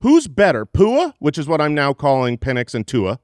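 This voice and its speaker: Lively animated male sports podcaster. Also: normal speed, no echo, clean studio sound. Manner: animated, jumps high in pitch when excited, laughs often. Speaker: fantasy football podcast co-host. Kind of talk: energetic stat-heavy sports podcast talk. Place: studio, live show.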